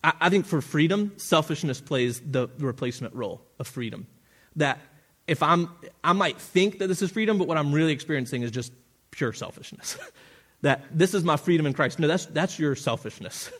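A man's voice: on the high side, animated, a little fast, fairly bright tone, husky. A man preaching a sermon as pastor, earnest and often restarting his phrases, with the odd chuckle at his own asides.

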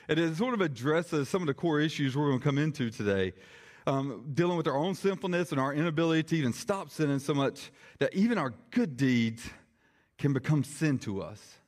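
Chatty man preaching a sermon. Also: fairly high pitch. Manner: chatty, animated, jokey asides. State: slightly strained voice. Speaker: lay preacher, congregational elder. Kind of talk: conversational sermon.

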